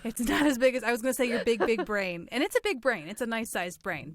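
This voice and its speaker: A woman's voice: a little high, animated, quick pace, dry recording, studio quality. A woman co-hosting a podcast in casual chat. She talks playfully, rambles and laughs often. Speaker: podcast co-host.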